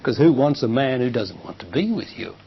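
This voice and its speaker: Man giving a measured spiritual talk. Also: mid-range voice, big pitch swings, gravelly, slightly rough. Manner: measured, emphatic, rises sharply when quoting others. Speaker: spiritual teacher. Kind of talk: public talk answering questions. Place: lecture hall with audience. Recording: dull lo-fi 1990s recording with faint hiss.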